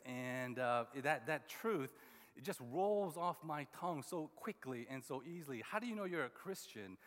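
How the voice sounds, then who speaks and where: A man's voice: mid-range voice, lively intonation, normal speed, fairly bright tone. A man preaching a sermon as a pastor, conversational and full of restarts and repeated words. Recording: long hall reverb.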